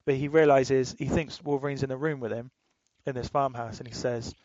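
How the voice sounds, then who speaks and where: A man's voice: medium pitch, steady tone, brisk, a little mellow, no room sound, highs cut off. A man co-hosting a podcast, rambling in casual chat, swearing freely and laughing as he retells things. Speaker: podcast co-host.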